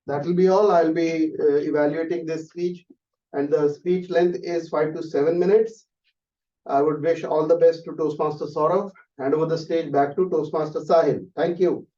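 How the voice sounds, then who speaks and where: A man's voice: a little high, steady tone, mellow. Formal male speech evaluator, distant. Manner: formal, measured, some fillers. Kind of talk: formal meeting remarks. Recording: distant, muffled room recording.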